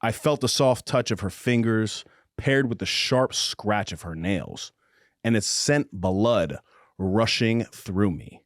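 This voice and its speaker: Male podcast host, low and measured, dry studio sound, good for audiobook reading. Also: animated, no echo. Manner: low, measured reading voice, joking between passages. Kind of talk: casual chat, reading a novel excerpt aloud. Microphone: studio microphone with headphones.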